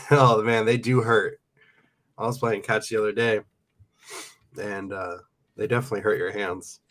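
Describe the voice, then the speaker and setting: A young livestream host and reseller chats with viewers on a casual stream, reading their comments aloud and laughing often. His voice is lowish and a bit bright, unhurried, with fairly even intonation.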